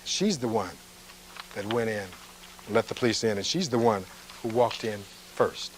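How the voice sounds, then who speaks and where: A man's voice: on the low side, lively intonation, normal speed, slight background noise, rough recording. Man giving a courtroom closing argument. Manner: reads testimony aloud, then asks pointed rhetorical questions. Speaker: defense attorney.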